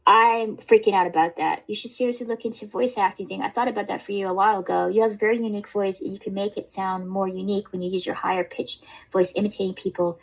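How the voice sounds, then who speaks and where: Woman streamer, mid-pitch, loose rambling delivery full of fillers, frequent swearing, dull lo-fi audio. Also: fairly even intonation, quick pace, creaky. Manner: rambling, swears freely, many fillers and restarts. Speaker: livestream host. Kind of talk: casual livestream chat.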